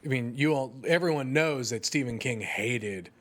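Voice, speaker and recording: A man with a voice of ordinary pitch, chatting on a podcast. He gives his opinions freely and works through his thoughts out loud, with plenty of fillers along the way. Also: moderate pace. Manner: opinionated, thinks aloud with fillers. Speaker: podcast co-host. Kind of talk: casual chat.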